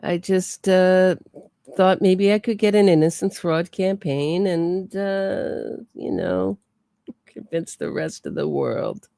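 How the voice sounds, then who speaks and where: A woman doing a mocking impression of a female defendant, in a sarcastic, halting way. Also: fairly low pitch, expressive, vocal fry, mellow, no echo, pitched above the performer's own voice, heavily acted.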